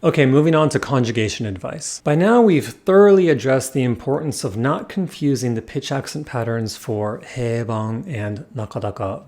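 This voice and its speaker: A man giving a scripted lesson as a language teacher, explaining in a clear, measured way. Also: medium pitch, a little mellow. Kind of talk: scripted educational narration.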